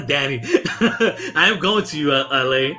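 A podcast host from Brooklyn talks in a forceful, bright voice that sits a little high for a man. His New colors a heated, profanity-laced sports rant. The tone stays casual and blunt, like chatting with friends. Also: animated, a little slow, soft background music. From Brooklyn, New York.

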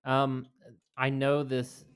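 A man's voice: medium pitch, completely flat delivery, slow, clean tone. A man co-hosting a podcast, laid-back and hesitant, with many fillers and restarts. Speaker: podcast co-host. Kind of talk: casual comedic chat.

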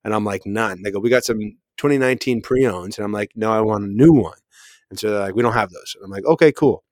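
A man's voice: lowish voice, fast talker, no room sound, clean studio sound. A man co-hosting a podcast, telling a rambling story in casual chat, laughing and restarting often. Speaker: podcast co-host.

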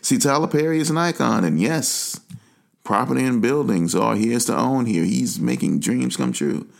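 A man from Atlanta speaks in an impassioned monologue, his voice gravelly and rough-edged. His pitch swings widely as he presses his points with emphatic, preachy force. He sounds like a talk show host making his case directly to the listener. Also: lively intonation, normal speed. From Atlanta, USA. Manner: passionate, emphatic, preachy asides. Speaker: podcast host.

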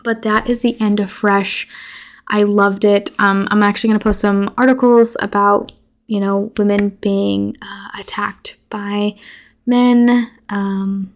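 A woman's voice: medium pitch, little pitch movement, measured pace. A woman podcast host casually recapping a horror movie, chatty and swearing freely, acting out the characters' lines.

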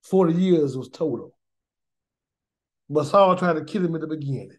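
A man leads a weekly Torah study in a loose, preaching way, his voice sitting high for a man. He talks in plain colloquial speech, says "y'all" and "gonna," repeats himself as he builds a point, and keeps asking his listeners questions he then answers himself. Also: lively intonation, normal speed. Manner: preachy, emphatic, repeats words and asks rhetorical questions. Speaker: Bible teacher. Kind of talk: informal Torah study sermon.

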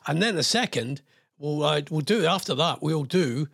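Rambling radio host, husky tone. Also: male voice, a little high, animated, moderate pace, a bit bright, no echo, clean studio sound. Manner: rambling, self-deprecating asides. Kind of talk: casual radio chat.

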